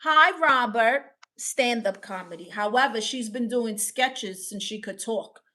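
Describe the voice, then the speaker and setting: A woman's voice: a little high, a little slow, sharp tone. A woman with a New York accent hosting a livestream, reading the chat and giving playful, sassy advice.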